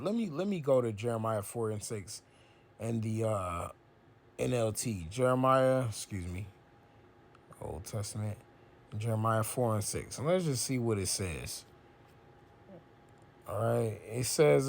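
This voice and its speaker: A man giving an informal bible lesson, reading verses slowly and aloud, then explaining them in loose, casual speech full of "right?" and "man.". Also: medium pitch, lively intonation. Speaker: bible teacher.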